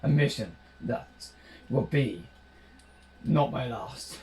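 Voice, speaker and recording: A man's voice: medium pitch, lively intonation, slow, darkish tone, slight background noise. A British man giving rambling, jokey gameplay commentary, describing himself as a dull talker. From Britain. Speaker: gaming channel host.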